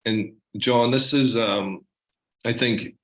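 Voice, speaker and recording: A man's voice: mid-range voice, fairly even intonation, takes it slowly, fairly bright tone. A male clinician interviewing a guest, appreciative and often repeating words as he builds a question.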